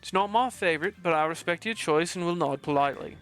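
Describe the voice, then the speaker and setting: A man voicing a gloomy, hulking male monster killer from a video game, speaking slowly and flatly. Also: fairly high pitch, clean tone, faint music behind, natural voice. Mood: dry.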